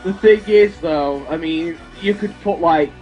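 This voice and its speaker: A man's voice: a little high, measured pace, darkish tone, muffled recording, soft background music. A young man in college giving profane, sarcastic ranting commentary, stammering when worked up. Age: young adult. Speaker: co-host of a ranting video.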